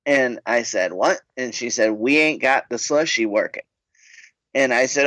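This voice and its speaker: A middle-aged man with an ordinary mid-range pitch tells casual, rambling stories on a podcast. He laughs easily between lines. The recording is close and dry, with no room sound. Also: normal speed, fairly bright tone, dry recording, rough recording. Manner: laughs often while telling stories. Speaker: podcast co-host. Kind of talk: casual storytelling chat.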